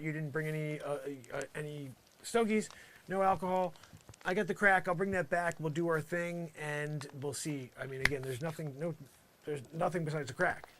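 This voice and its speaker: A man's voice: on the high side, fairly bright tone, a little hiss or hum. Rambling, exasperated man with a raised voice. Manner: rambling and exasperated, full of "you know" asides. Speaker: comedian. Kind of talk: improvised comedy monologue in character.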